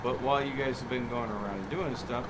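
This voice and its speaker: Guy on a gaming stream joking around, mid pitch, truck game noise going behind him. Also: a little fast. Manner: joking, laughs easily, self-deprecating. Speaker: gamer on a multiplayer stream. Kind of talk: casual chat while gaming.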